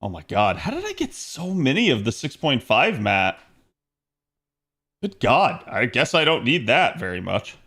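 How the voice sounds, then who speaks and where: A man streams a game, talking with his viewers in a mid-range voice whose pitch swoops wildly; he's a little slow, pushed and bright, with a breathy edge. He chats casually with the chat while he plays, laughing often.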